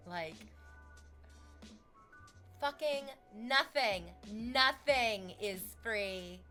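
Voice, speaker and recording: A young adult woman livestreaming casual chat, swearing freely and breaking into excited shrieks and laughter as she reacts to viewers. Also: mid-range voice, takes it slowly, faint music behind.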